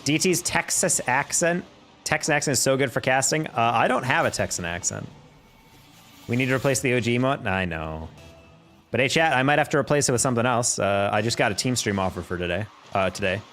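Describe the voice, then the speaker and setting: A young man from New York casting a live esports match, calling plays quickly and chatting with his stream viewers in between. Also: medium pitch, soft background music. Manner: rapid play-by-play that jumps up in excitement, chatting with viewers between plays. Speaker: esports caster. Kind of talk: live-streamed play-by-play commentary with chat.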